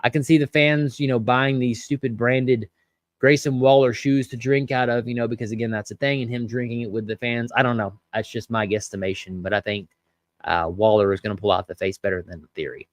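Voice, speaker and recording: A man's voice: mid-range voice, steady tone, fairly quick, dry recording. Chatty man recapping wrestling, dry sound. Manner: chatty, many fillers, reads out viewer comments. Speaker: podcast host reviewing wrestling. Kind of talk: casual recap and commentary.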